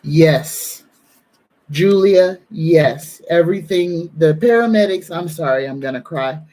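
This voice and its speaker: A mellow, low-voiced woman works as a psychic medium and tarot reader, offering a soothing live-stream reading. She talks slowly and earnestly, getting emotional enough at moments to be near tears.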